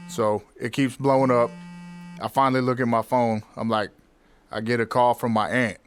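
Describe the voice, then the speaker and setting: A man hosting a podcast, telling a personal story in a reflective, candid way with halting restarts. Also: medium pitch, fairly even intonation. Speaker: podcast host.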